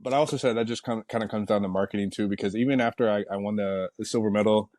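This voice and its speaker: Deep, mellow-voiced man talking casually. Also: very fast, dry recording. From United States. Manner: relaxed, rambling storytelling with many fillers. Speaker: Olympic sprinter guest. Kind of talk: casual interview talk.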